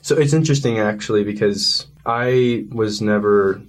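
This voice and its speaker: A man's voice: on the low side, moderate pace. A young man, a guest in a casual interview, talking earnestly and rambling with many fillers. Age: young adult.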